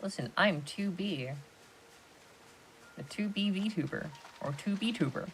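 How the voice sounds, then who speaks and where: A woman's voice: mid-range voice, lively intonation, measured pace, slight background noise. A woman streamer chatting playfully and rambling while playing a game. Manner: playful, rambling, many restarts. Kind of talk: casual gaming stream chat.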